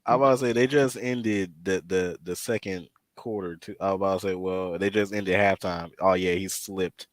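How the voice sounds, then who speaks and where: A man co-hosting a podcast in casual chat, an animated, slangy storyteller who repeats himself. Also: deep voice, normal speed, few pauses. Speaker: podcast co-host.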